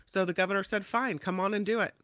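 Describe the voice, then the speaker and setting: A man's voice: high-pitched, steady tone, fast talker, fairly bright tone, no room sound, clean studio sound. A man co-hosting a show, chatting casually about the news and laughing easily. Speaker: show co-host.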